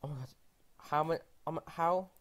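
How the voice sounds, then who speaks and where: A woman casually commenting on her own game play, excitable, often gasping and exclaiming in disbelief. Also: low-pitched, moderate pace. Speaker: gaming channel host.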